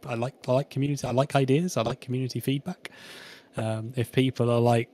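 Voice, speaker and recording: A man chatting as a podcast guest, hesitant and stammering through his thoughts. He is self-deprecating, and his voice sits at an ordinary middle pitch. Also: fairly even intonation, quick pace, dark tone, dry recording. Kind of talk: casual chat.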